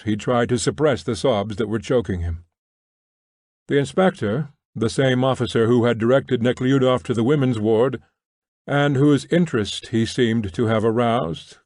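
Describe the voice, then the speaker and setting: Brief: male narrator, middle pitch, measured novel reading, dry close sound. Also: darkish tone, no echo. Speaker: audiobook narrator. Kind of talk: scripted narration.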